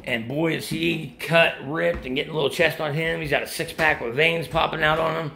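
His voice is a little high, gravelly, bright, and forceful, with fairly even intonation and a slightly fast pace. A middle-aged vlogger giving supplement advice, he chats casually about gear and supplements after a workout, breathless, rambling, and restarting his sentences.

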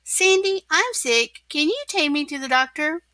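A woman doing a squeaky, excitable sea sponge. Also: unhurried, no echo, clean studio sound, full character voice. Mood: anxious. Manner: high squeals, loud fake sneezes. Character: excitable young male sea sponge, sickly.

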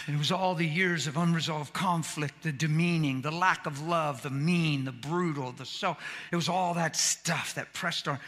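A man preaches with a high, piercing voice that carries through a reverberant church hall. His speech is folksy and colloquial. He swings between hushed, intimate lines and loud shouts. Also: moderate pace. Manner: plain colloquial grammar. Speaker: pastor. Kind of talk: sermon. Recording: echoey hall.

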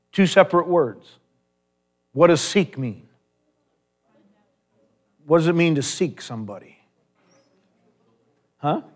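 Joking pastor man preaching a sermon. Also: fairly high pitch. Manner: storytelling, jokey asides. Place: church sanctuary.

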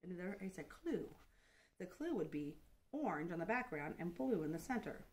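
Lively, sing-song preschool teacher woman. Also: on the low side, normal speed. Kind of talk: children's lesson.

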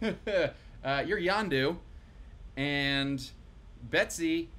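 Give me a man hosting a live comedic table read over a video call, upbeat and encouraging as he assigns voices to the cast. He speaks slowly and leisurely, at a middle pitch. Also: a bit bright.

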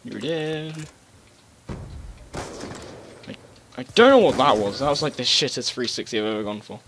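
A man giving casual live commentary over his gameplay, rambling, swearing and breaking into loud outbursts. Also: mid-range voice, big pitch swings, quick pace. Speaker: gaming commentator. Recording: game gunfire noise behind voice. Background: gunfire and explosions from the game.

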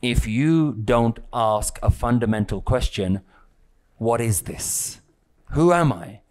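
Speaking to a live audience at an unhurried pace, this male spiritual teacher has a mid-range, animated voice with a slightly mellow quality. His delivery is questioning and repetitive, full of rhetorical questions for his listeners.

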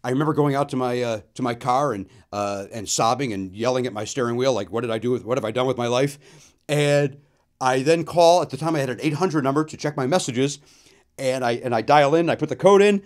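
A man in his fifties, a comedian and show host, telling a comic story with sudden loud outbursts and quick asides. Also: mid-range voice.

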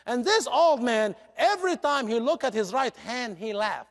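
A male guest speaker telling a story in a church sermon, dramatic and expressive, with non-native English grammar. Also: extremely high pitch, moderate pace, few pauses. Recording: long church reverb.

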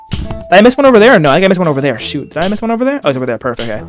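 Excitable young man yelling through a game. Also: high voice, racing, soft background music. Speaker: gaming YouTuber. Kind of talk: horror game commentary.

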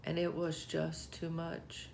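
A woman speaking in an earnest, heartfelt way, giving a reflective devotional talk with scripture readings, often pausing and restarting. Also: low voice, completely flat delivery, gravelly, darkish tone, slight background noise. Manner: earnest, heartfelt, halting with pauses.

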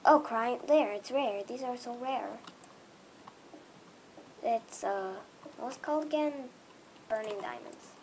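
A young gaming creator commenting excitedly on their own play, with gushing, squealing bursts of excitement. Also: medium pitch, slow, pauses often, a little hiss or hum, rough recording.

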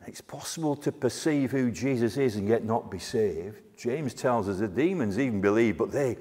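A man preaching a sermon, emphatic and full of dramatic pauses and asides. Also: medium pitch, lively intonation, darkish tone, slightly rough. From half Greek heritage. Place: church. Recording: long church reverb.

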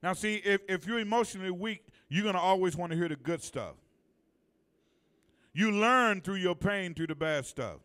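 Preaching in a church sanctuary, a male pastor speaks in a high, animated voice with a fairly bright tone. He elongates key phrases for emphasis and calls on the congregation to respond.

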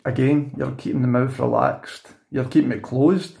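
A man's voice: mid-range voice, flat delivery, moderate pace, vocal fry, very noisy. A young Scottish man teaching beatboxing in a casual, rambling video tutorial, often correcting himself mid-sentence. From Scotland. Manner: chatty, rambling, frequent self-corrections and "you know what I mean".

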